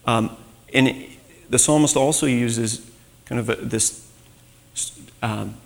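A man's voice: medium pitch, slow, vocal fry. A man preaching a sermon in a conversational way, acting out the voices he quotes. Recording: long reverb.

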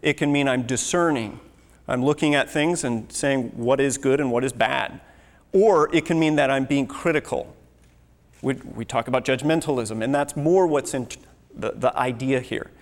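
A man's voice: mid-range voice, normal speed. A man preaching a sermon, earnest and teaching, with scripture read aloud. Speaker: pastor. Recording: long hall reverb.

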